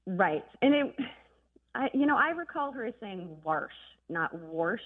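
A woman's voice: a little high, sing-song, normal speed, dry recording. A woman caller from northern Minnesota telling a chatty story on a call to a radio show. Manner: chatty, storytelling with small laughs. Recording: tinny phone line.

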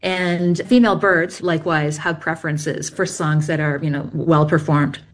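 Woman, low-pitched, bird song expert guest, patient, methodical, interview. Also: steady tone, normal speed. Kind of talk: explanatory interview answers.

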